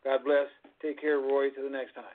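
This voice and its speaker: A man signing off as a guest on a talk show, speaking in a plain, brisk way. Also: medium pitch, little pitch movement, a little hiss or hum. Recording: tinny phone line.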